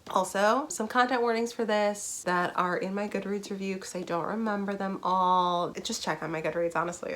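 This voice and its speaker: A woman's voice: mid-range voice, steady tone, moderate pace, hardly any pauses, fairly bright tone. A young adult woman chatting casually in a book review vlog, bubbly and rambling, with laughs and asides. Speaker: book vlogger.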